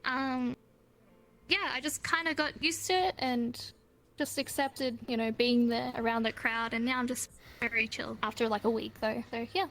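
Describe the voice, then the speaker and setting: A woman's voice: a little high, steady tone, moderate pace, a bit bright. A woman guest on a live online talk show, telling stories in a rambling, giggly way. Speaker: interview guest. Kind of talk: casual chat. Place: online voice chat.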